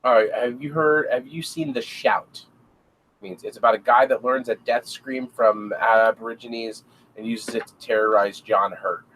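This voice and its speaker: A man joining a casual chat as a guest, animated and joking, acting out quotes. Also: mid-range voice, normal speed, slight background noise. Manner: animated joker who acts out quotes.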